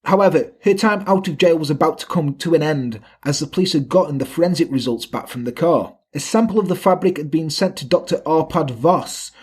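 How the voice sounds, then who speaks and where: A man's voice: on the high side, a little fast, hardly any pauses, slightly rough. A man casually retelling a true-crime story on a podcast, swearing and quoting the people involved. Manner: swearing, animated retelling with quoted voices. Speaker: podcast co-host.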